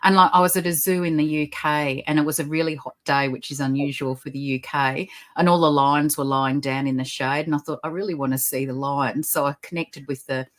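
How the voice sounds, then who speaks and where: A low-pitched woman, a guest on a podcast over a video call. She tells her stories in an animated, upbeat way. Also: fairly quick, hardly any pauses. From Australia. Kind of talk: podcast interview.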